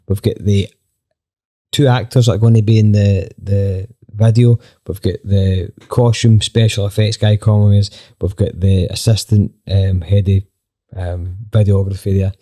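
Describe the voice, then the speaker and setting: A Scottish man, a band member on a podcast, telling a lively anecdote with plenty of swearing and acted-out dialogue. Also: lowish voice, normal speed. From Scotland. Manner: animated, swears freely, acts out quoted dialogue. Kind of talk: casual storytelling anecdote.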